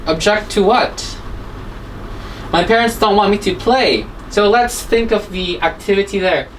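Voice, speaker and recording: A woman's voice: mid-range voice, a little slow, recorded from a distance, slight background noise, poor audio. A woman teaching an English exam-prep class, explaining word forms and checking in with "right?" and "okay?" after nearly every point.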